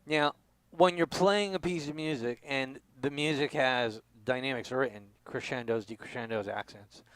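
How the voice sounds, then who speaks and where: A man giving a drum lesson, explaining stroke types and counting beats out loud. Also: mid-range voice, normal speed, hardly any pauses, rough recording. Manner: explanatory, counts aloud with accents. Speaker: drum instructor. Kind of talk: demonstration lesson.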